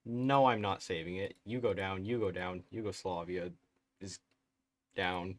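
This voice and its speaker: A man with a soothing, soft-spoken voice giving casual live-stream commentary, thinking aloud, mumbling and correcting himself as he works. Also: low-pitched, steady tone, unhurried.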